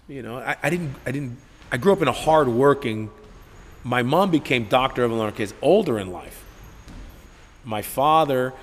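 A man, a gym owner and coach telling stories in a casual, profane, animated interview, acting out what people said. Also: mid-range voice. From Newark, New Jersey. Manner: profane, animated storyteller who acts out quotes. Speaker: gym owner and head coach, podcast guest. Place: martial arts gym. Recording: reverberant room with faint background noise.

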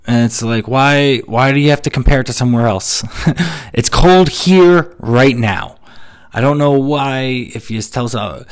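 A man hosting a solo comedy podcast, ranting sarcastically about everyday annoyances and mocking people in quick put-on quotes. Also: medium pitch. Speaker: podcast host. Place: New York City.

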